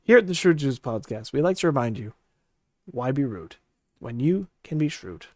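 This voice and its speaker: A man's voice: medium pitch, sing-song, moderate pace, no echo. A man co-hosting a podcast, signing off with joking, mock radio-announcer banter. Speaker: podcast co-host. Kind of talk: casual podcast sign-off.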